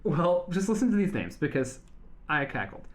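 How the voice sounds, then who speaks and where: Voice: mid-range voice, very animated, moderate pace. Giggly podcast co-host presenting facts. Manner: chatty and giggly, with frequent fillers. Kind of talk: casual podcast chat.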